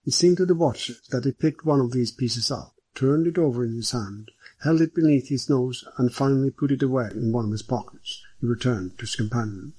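A man narrating a mystery novel in a measured, even storytelling manner. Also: medium pitch, husky, dry recording. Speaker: audiobook narrator.

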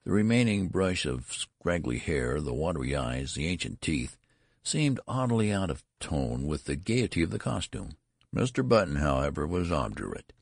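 A man narrating a story aloud in a lively storytelling delivery. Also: extremely low pitch, moderate pace, gravelly, dry recording, clean studio sound. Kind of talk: audiobook reading.

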